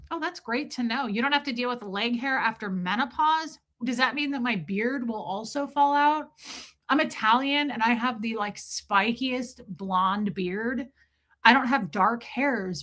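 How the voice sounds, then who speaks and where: A woman's voice: fairly high pitch, a bit bright. A woman hosting a livestream, chatting casually and profanely as she tells jokey stories and reacts to chat. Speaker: livestream host reading chat.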